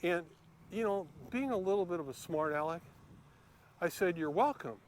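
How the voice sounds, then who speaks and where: Walking around a lake outdoors, a YouTube vlogger chats casually with lots of fillers and restarts. His voice is high and moderately paced, and the handheld camera recording carries a little hiss or hum.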